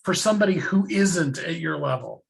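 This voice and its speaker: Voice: mid-range voice, expressive, normal speed, vocal fry, husky, low-quality recording. An interview host asking easygoing questions in a casual chat.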